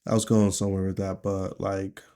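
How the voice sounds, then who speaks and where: A man from Nigeria speaks straight to camera in a personal video diary. His voice sits low and mellow, and he talks in a candid, rambling way laced with swearing. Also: completely flat delivery, moderate pace. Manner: candid, profane, rambling talk. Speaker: vlogger.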